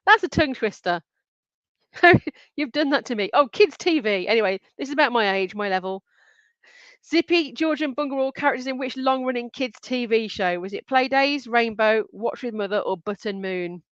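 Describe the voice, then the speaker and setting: A bright-voiced woman hosts a live online quiz, chatting between questions and often breaking into a giggle. Her voice is smooth and clear but sits a little high. The sound is dry and slightly dull, like lo-fi stream audio. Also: animated, moderate pace, dry recording. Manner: chatty, reads out answer options and names, giggles often. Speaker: quiz host.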